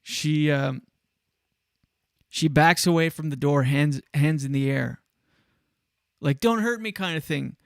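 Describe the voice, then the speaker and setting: A man's voice: fairly high pitch, slow, vocal fry, pauses often, no room sound, studio quality. A male show host in casual solo talk, telling a story with energy and acting out the people in it. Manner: animated storytelling, acts out quotes.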